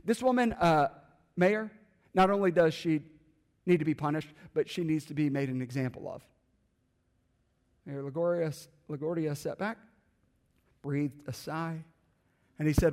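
A man preaching a sermon and telling a story, using dramatic pauses and quiet, emphatic drops. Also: fairly high pitch, in a large hall.

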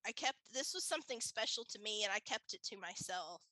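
A woman's voice: mid-range voice, expressive, fairly quick, bright, forceful tone, no echo, low-quality recording. A woman guest telling a personal story in casual conversation, chatty, laughing often and speaking with many fillers.

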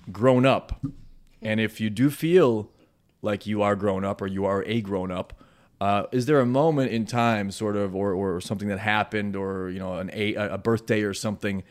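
A man hosting a podcast, asking questions with many hesitant fillers. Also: lowish voice. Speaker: podcast host. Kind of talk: casual chat.

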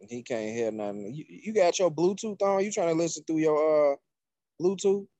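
A man's voice: on the high side, animated, normal speed, warm tone, no room sound, dull audio. A man co-hosting a casual podcast chat, joking and teasing the others. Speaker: podcast co-host.

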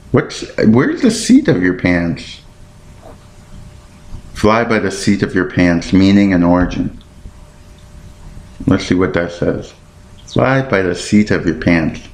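Alone behind the mic on a casual podcast, a man with a fairly low-pitched voice rambles and thinks aloud while checking things. He trips over words and apologizes self-deprecatingly, and the room sounds echoey.

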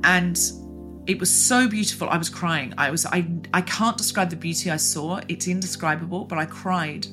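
A woman podcast host telling a personal story in earnest, halting chat. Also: fairly low pitch, over music. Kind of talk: casual chat.

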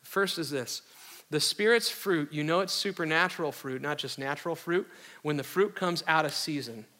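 Bright-voiced man preaching in a hall. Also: a little high, normal speed. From Iowa, USA. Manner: conversational and joking, with casual slang. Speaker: pastor. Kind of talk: sermon. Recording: reverberant hall.

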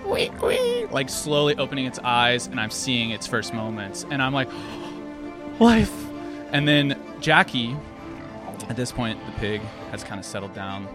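A young man telling a personal story to an audience, lively and acting out the people in it. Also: lowish voice. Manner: lively, acts out quoted voices. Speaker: speaker sharing a personal story.

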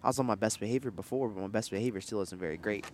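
A young male podcast host chats casually in a moving car, with faint road noise behind him. His lowish, slightly mellow voice races along as he jokes playfully, laughs a lot, and uses plenty of slang.

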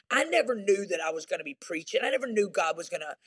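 A woman's voice: mid-range voice, expressive, quick pace, hardly any pauses, fairly bright tone, husky. A woman with a Southern US accent, a pastor speaking candidly as an interview guest, with an emphatic, folksy preacher's delivery.

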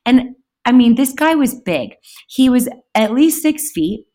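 A woman guest telling a story in a casual, animated way, with sudden shouted bursts. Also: fairly high pitch, unhurried. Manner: animated, breaks into loud shouted outbursts. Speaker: podcast guest.

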